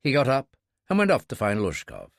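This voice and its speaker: A man narrating a thriller audiobook in a steady, measured storytelling manner. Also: mid-range voice, creaky, no echo, clean studio sound. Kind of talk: scripted narration.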